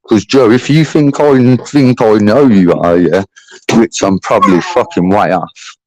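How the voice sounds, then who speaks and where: A man's voice: on the low side, a little mellow, slight background noise, poor audio. A middle-aged man rambling bluntly and swearing in casual livestream chat. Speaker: channel host.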